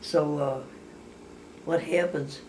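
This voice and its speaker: A slow, low-sitting voice with fairly even intonation belongs to an older woman sharing family stories casually. Her storytelling meanders through many restarts and corrections, and she voices the characters herself. The mic is distant, leaving a faint background hiss.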